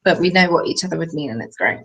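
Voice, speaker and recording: This host has a low, husky voice that's fairly bright, with lively intonation and a fast pace. A young Englishwoman, she knits on a casual live stream, chatting in a rambling way and reading viewer comments aloud.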